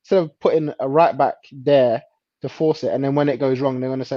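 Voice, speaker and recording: A man chatting casually about football as a co-host, relaxed and hesitant, often laughing. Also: medium pitch, normal speed, no room sound, muffled recording.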